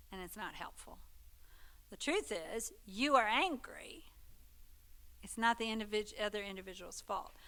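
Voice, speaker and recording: Woman, Sunday school teacher; bright, crisp voice, chatty, keeps checking in with the class. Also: mid-range voice. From Texas. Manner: conversational, checks in with listeners. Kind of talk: church teaching talk.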